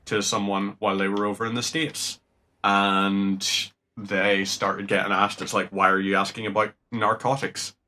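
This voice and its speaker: A young Northern Irish man talks through his gameplay in a loose, rambling way. His voice is bright and forward, sits a little on the low side, and he swears casually as he goes. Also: little pitch movement, moderate pace. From Northern Ireland. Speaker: game streamer.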